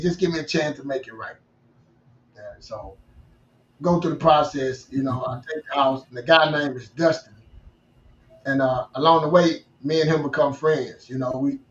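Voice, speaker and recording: A man telling a long personal story in a casual interview, animated, restarting and repeating himself. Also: medium pitch. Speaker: guest. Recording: roomy, distant, dull-sounding mic.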